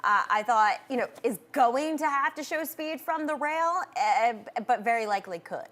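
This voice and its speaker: A fairly high-pitched woman working as co-host of a racing betting show. She weighs each horse in a thoughtful, agreeable way and hedges a little as she goes. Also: expressive, moderate pace, fairly bright tone. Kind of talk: casual betting analysis chat.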